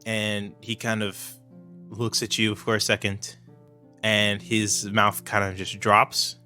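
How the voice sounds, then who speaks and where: A man's voice: lowish voice, completely flat delivery, takes it slowly, bright, forceful tone, soft background music. A man narrating a tabletop game as game master in a hesitant style with many fillers.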